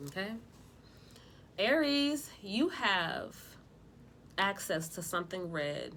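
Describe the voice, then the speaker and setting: A woman's voice: mid-range voice, slow pace, a little hiss or hum. Woman doing a tarot reading, casual and blunt, lots of slang and cussing. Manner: blunt, profane, lively slang. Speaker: tarot reader.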